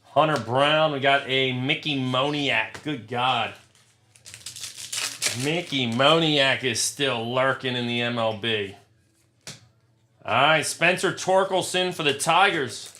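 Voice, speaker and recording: A man's voice: mid-range voice, slow, noisy background. A young man hosting a live trading card break, talking to his chat, frustrated and swearing often. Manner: profane, frustrated, talks to chat.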